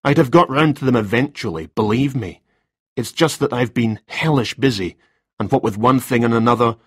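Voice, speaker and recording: A man's voice: medium pitch, normal speed, breathy edge, no echo, clean studio sound, close to an everyday voice. A man voicing a nervous male freelance writer in a story reading, talking in a hesitant, defensive way. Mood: flustered.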